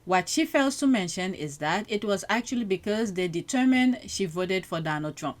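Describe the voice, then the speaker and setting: A woman's voice: mid-range voice, expressive, normal speed, hardly any pauses. Outspoken woman host reacting to clips. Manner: outspoken, exclaims in disbelief. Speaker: show host.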